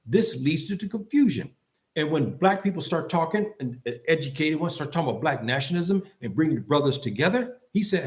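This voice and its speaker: A man's voice: on the high side, very animated, a little fast. An older man giving an impassioned monologue to his community, blunt and scolding, repeating himself and firing off rhetorical questions. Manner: emphatic, repetitive, rhetorical questions. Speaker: commentator addressing his community.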